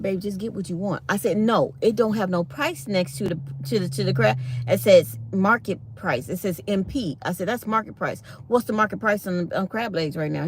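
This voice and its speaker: A woman's voice: medium pitch, slight background noise. A middle-aged woman, hosting a live stream and chatting to viewers as she animatedly retells a conversation. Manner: chatty, animated retelling of dialogue, reads chat aloud. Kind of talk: casual storytelling to viewers.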